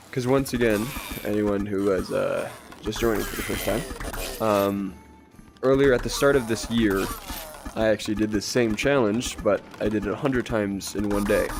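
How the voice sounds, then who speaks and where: A young man chatting casually on a gaming livestream, his voice hoarse, strained and congested, rambling, chuckling often and talking to his chat. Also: on the low side, noisy background. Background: game music underneath.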